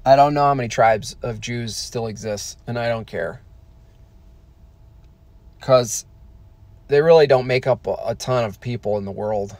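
An American man casually answering viewer questions on a stream, halting with many fillers and restarts. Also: medium pitch, a little mellow, no echo. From United States. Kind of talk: casual livestream chat.

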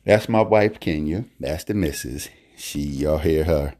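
A man with a deep, low voice preaching in an easygoing, homespun way. He speaks to his listeners directly and often repeats his words as he goes, like a chatty Sunday message at home. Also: measured pace, darkish tone. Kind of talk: informal devotional talk.

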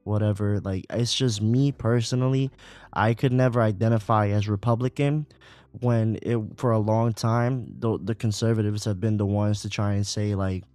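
A man's voice: on the low side, moderate pace, no room sound. A man co-hosting a podcast, talking casually about politics with lots of fillers and swearing. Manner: profane, animated, frequent fillers. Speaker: podcast co-host.

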